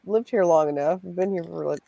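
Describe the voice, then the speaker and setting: Canadian stream guest, gravelly, mid-pitched, teasing and relaxed. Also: fairly quick, no room sound, muffled recording. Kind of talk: casual chat on a watch stream.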